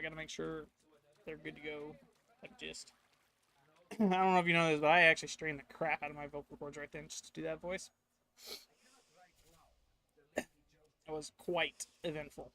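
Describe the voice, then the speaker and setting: A man's voice: a little high, flat delivery, moderate pace, long pauses, pushed and bright. A man streaming a video game, chatting casually in rambling asides. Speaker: gaming streamer.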